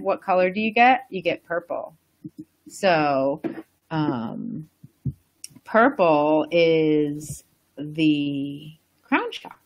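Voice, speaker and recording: A woman's voice: lowish voice, muffled recording. A woman hosting a casual wellness live stream, talking to viewers in a chatty, rambling, enthusiastic way. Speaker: wellness host.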